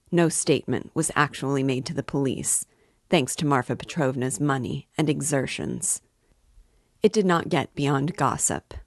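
A woman's voice: low-pitched, no echo, studio quality. A woman reading the part of a pompous middle-aged man who speaks in a formal, self-important way.

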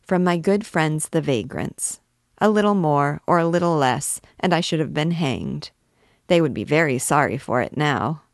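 Reading aloud for an audiobook, a woman takes on the part of a nervous, talkative male poet from a classic novel who frets and begs. The performance is fast, high and excitable, recorded cleanly in a studio without echo.

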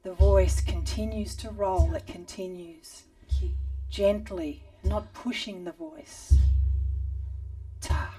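Woman rhythm teacher, slow calm guidance and chanting, heard a little far from the mic over a drum. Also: medium pitch, husky, soft background music. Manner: calm, slow guiding speech mixed with chanted syllables. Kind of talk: guided movement and rhythm lesson. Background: drum beat.

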